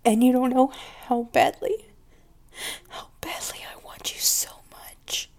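A woman's voice: mid-range voice, slow. A woman voicing a possessive, volatile woman who scolds the listener as her pet in an audio role-play, domineering and scornful, dropping at times into whispers.

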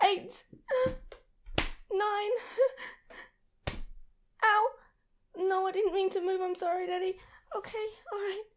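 A woman's voice: very high-pitched, pushed and bright, a little hiss or hum. A young adult woman performing an adult audio role-play, pleading and breathless, sometimes dropping to a whisper.

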